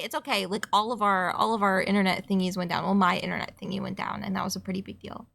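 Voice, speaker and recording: A young adult woman with a Canadian accent chats casually while streaming a game, rambling through quick asides and casual swearing. Her medium-pitched voice is steady and fairly bright, with vocal fry.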